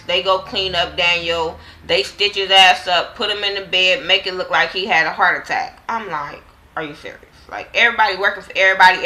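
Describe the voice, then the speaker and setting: A woman's voice: lowish voice, bright, forceful tone, rough recording. A woman casually recapping a TV drama episode with slang and profanity, acting out the characters' lines in quotes. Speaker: TV show reviewer.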